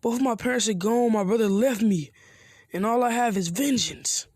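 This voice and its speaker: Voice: mid-range voice, fairly quick, darkish tone, no echo, studio quality, natural voice. Sasuke, a narrator doing a bitter brooding boy.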